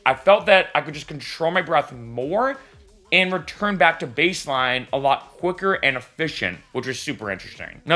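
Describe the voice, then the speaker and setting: A man's voice: fairly high pitch, pushed and bright. A man vlogging casually to camera, candid and chatty, with frequent asides like "right?" and "I'll be honest.". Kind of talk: casual vlog talk to camera.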